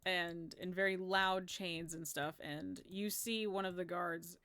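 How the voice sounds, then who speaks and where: A woman's voice: fairly low pitch, fairly even intonation, measured pace, a bit bright. A woman acting as game master, narrating a tabletop game in a chatty way and laughing often.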